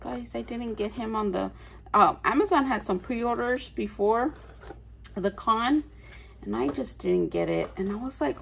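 A woman unboxing collectible toys in casual chat, gushing over each one, gasping often and slipping into soft whispers. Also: on the high side, a little slow, creaky, a little hiss or hum. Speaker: toy collector vlogger.

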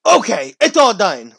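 A man's voice: sits high, gravelly, husky, no room sound. Playful man commenting on a game. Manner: playful, laughing, jumpy loud asides. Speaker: gaming streamer. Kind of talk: let's play commentary.

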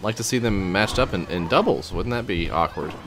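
A man hosting a gaming stream, wry and quick with puns, explaining the game to friends. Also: sits low, lively intonation. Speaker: stream host. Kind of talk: casual gaming chat. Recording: faint music behind the voice.

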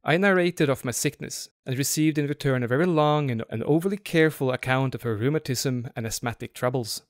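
A man narrates a classic story aloud in a steady, even manner. His voice sits at a middle pitch, and the recording is dry and close, with no room around it. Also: a little fast, no room sound.

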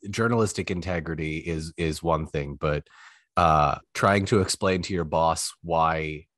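A man talking as a podcast guest, telling animated stories and acting out the lines he quotes. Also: rumbling low, unhurried, dry recording, studio quality. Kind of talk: casual interview chat.

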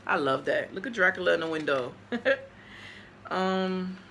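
A woman's voice: fairly low pitch, unhurried, fairly bright tone, a little hiss or hum. A woman opening fan mail for her vlog, chatty and gushing as she talks straight to her viewers. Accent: New York. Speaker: vlogger.

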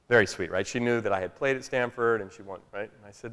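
A man telling a personal story during a public talk, acting out bits of it as he goes. His voice sits at an ordinary middle pitch, and a long reverb from the hall trails behind his words. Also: fast talker, hardly any pauses, clean tone. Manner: storytelling, animated re-enactments. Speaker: motivational speaker.

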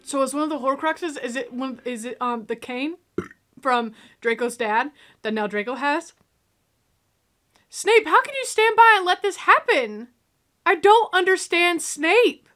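A woman talks through a film in a high, bright voice. She is animated, exclaiming and joking as she reacts. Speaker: reaction video host. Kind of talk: casual reaction commentary.

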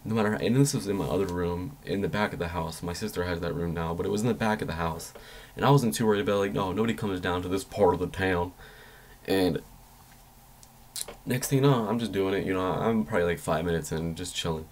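A young man with a low voice tells a story to his vlog audience in a loose, rambling way. He swears freely and loses his train of thought often. When he quotes his own panicked thoughts, his voice jumps up high. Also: fast, darkish tone, slight background noise. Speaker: vlogger.

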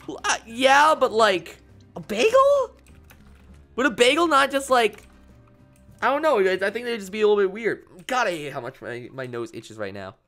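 Animated young male game streamer. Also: sits high. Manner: rambling, playful, reads chat aloud. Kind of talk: casual gameplay commentary.

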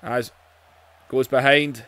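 A man doing excitable play-by-play commentary over a wrestling video game, his voice going hoarse, shouting out the moves and often saying "man". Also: mid-range voice, takes it slowly.

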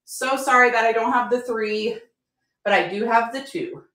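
A woman selling at a live-stream auction, bubbly and excitable, often apologizing and thanking her viewers. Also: a little high, moderate pace. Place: home room with a chalkboard. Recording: echoey room.

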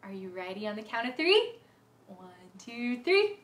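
Young woman singing with preschoolers, slow and bouncy, big swoopy voice. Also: a little high, very animated, fairly bright tone. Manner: sing-song, playful, many sung lines and vocal games. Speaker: children's music teacher. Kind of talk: music and movement class for young kids. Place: indoor room, livestream. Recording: echoey room.

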